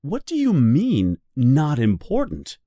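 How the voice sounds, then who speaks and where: A man voicing a worried, earnest little boy prince who asks slow, pleading questions. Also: on the high side, wildly swooping pitch, mellow, dry recording, studio quality, voice pushed up, exaggerated voice.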